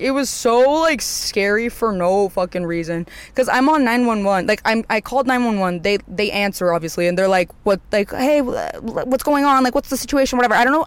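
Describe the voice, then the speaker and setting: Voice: medium pitch, clean tone, no room sound. A young adult casually telling a story, rambling with lots of filler words and swearing.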